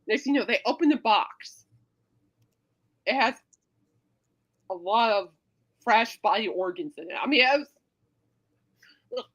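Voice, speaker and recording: A woman hosting a casual talk podcast. She rambles through stories, full of fillers, and acts out her own reactions for effect. Her fairly high voice swings up and down a lot, animated and expressive throughout. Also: measured pace, long pauses, muffled recording. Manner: dramatic re-enactment of own reactions. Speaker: podcast host. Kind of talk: casual rambling livestream chat.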